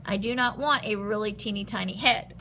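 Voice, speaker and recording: A woman art teacher leading a step-by-step drawing lesson for young children, animated and expressive, explaining in simple words. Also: mid-range voice, brisk, slight background noise.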